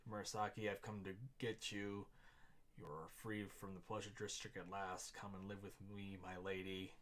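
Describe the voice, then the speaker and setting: A man's voice: low voice, little pitch movement, moderate pace, a bit bright. A man reading aloud the lines of a devoted, naive old man in love, in a plain reading voice. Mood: hopeful.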